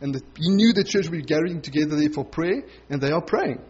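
A man's voice: on the high side, expressive, fast, a little mellow, breathy edge, highs cut off. A male pastor giving a conversational sermon, acting out the voices of the people he quotes.

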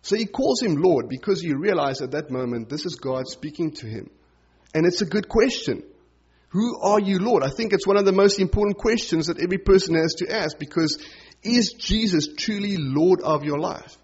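A man with a slightly high, husky voice teaches a sermon in an easygoing, explanatory way. The recording sounds dull and lo-fi. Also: lively intonation, moderate pace, darkish tone. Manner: informal and explanatory, with frequent "sort of" and "you know". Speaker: preacher. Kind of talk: conversational Bible teaching sermon.

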